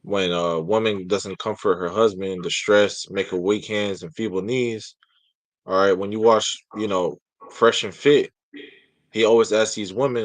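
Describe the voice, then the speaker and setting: A man's voice: lowish voice, steady tone, moderate pace, no echo, rough recording. A man in a casual religious discussion, talking bluntly and emphatically with some profanity.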